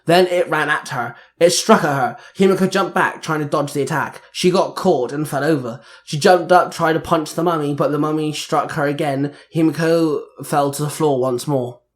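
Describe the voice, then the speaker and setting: A man's voice: a little high, normal speed, hardly any pauses. A man narrating an amateur action story, reading fight scenes steadily.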